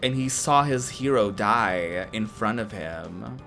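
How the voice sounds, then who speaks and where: A woman in her twenties chats and swears her way through a retro game on stream. She talks slowly, with faint game music running underneath. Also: very deep voice, gravelly. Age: 20s. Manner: profane, excitable reactions. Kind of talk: live gameplay commentary.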